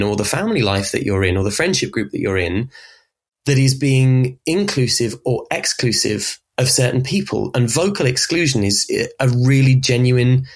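Berkshire-accented guy on a podcast, husky voice, chatty and expressive. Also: mid-range voice. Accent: Southern English, Berkshire. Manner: expressive, demonstrates speech sounds, light laughs. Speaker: podcast guest, voice specialist. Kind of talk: conversational interview.

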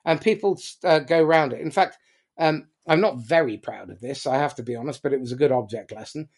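A man giving a blunt, animated motivational talk to a business audience, swearing casually as he goes. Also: medium pitch, fairly quick. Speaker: business speaker.

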